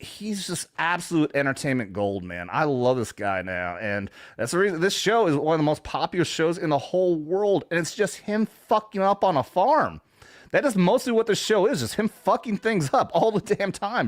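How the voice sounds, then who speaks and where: A man's voice: on the high side, no room sound, clean studio sound. Laughing, profane talk-show man. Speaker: show host. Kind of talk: casual livestream chat.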